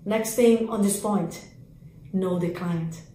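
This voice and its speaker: A woman coaching real estate agents in an energetic sales training talk, speaking in emphatic, repetitive lists of commands. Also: mid-range voice, slow, roomy sound, slight background noise, low-quality recording.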